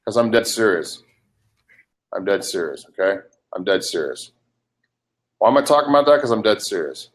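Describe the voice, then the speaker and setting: A man's voice: lowish voice, expressive, moderate pace, pauses often. An older man in a heated live webcast argument, ranting in an agitated, profane way. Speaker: livestream participant.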